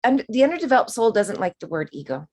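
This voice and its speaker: A woman teaching a spiritual course in a chatty, expressive way, acting out quoted voices and sometimes dropping to a whisper. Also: on the high side, quick pace.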